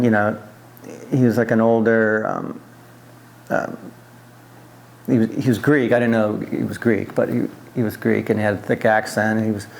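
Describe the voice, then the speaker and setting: Man telling a rambling story. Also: medium pitch. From US East Coast. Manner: rambling, many fillers and restarts. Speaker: interviewee. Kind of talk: oral history interview, casual storytelling.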